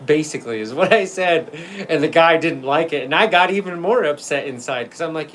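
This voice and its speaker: A man's voice: on the high side, animated, fairly quick, fairly bright tone, slight background noise, poor audio. Rambling, cursing man on a livestream. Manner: rambling, profane, laughs often. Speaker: livestream host. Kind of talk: casual livestream chat.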